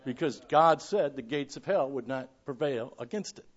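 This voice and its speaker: A man preaching a sermon, reading scripture aloud and swinging between loud declarations and hushed asides. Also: medium pitch, animated, moderate pace, highs cut off. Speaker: pastor.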